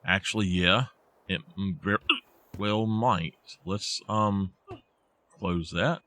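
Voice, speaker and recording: A deep-voiced game streamer speaks slowly while playing live, chatting casually with viewers. He's relaxed and rambling, thinking aloud and restarting his sentences.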